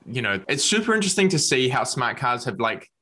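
A man hosting a podcast, his voice bright and forward. He chats casually and eagerly, dropping in quick affirmations as he goes. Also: medium pitch, sing-song. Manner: enthusiastic, frequent affirming interjections. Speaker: podcast host. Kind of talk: casual interview chat.

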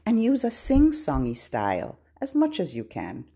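A woman's voice: fairly low pitch, huge pitch swings, moderate pace, husky. Sing-songy woman leading baby rhymes. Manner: gentle, playful, sing-songy, instructive. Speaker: baby podcast host. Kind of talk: sing-song children's rhymes and songs.

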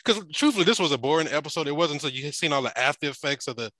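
A man's voice: fairly high pitch, lively intonation, rapid-fire, bright, forceful tone, no room sound. A man in his forties from Chicago, co-hosting a casual chat in a laid-back, joking way. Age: 40s. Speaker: podcast co-host.

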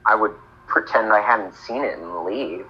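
A man co-hosting a casual comedy podcast, rambling and hedging with halting restarts. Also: fairly low pitch, pushed and bright, lo-fi sound. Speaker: podcast co-host.

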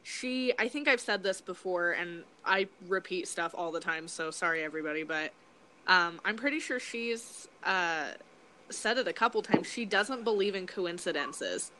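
A woman hosting a podcast, chatting casually and backing up her guest with quick replies. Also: on the low side, lively intonation, pushed and bright, slight background noise. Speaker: podcast host. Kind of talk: casual chat.

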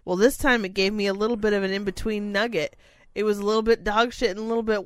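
A woman's voice: medium pitch, fairly even intonation, quick pace, dry recording. A woman co-hosting a casual podcast, ranting with lots of swearing and exasperation. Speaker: podcast co-host. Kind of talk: casual chat.

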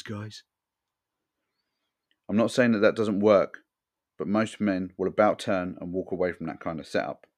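A man with a low, deep voice speaks in a frank, earnest way. He reads a scripted podcast monologue straight to the listener. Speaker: podcast host.

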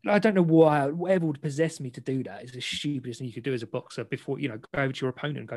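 A man, an interview guest and boxer, frankly recounting a personal story in a self-deprecating, animated way. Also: medium pitch, very fast, dry recording.

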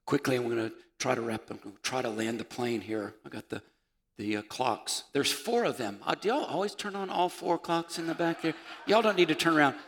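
Gravelly-voiced preacher in a reverberant sanctuary. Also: male voice, mid-range voice, brisk. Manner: dynamic preaching, swinging from loud calls to hushed near-whispers. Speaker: pastor. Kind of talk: sermon. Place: church sanctuary. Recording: church sanctuary with long reverb.

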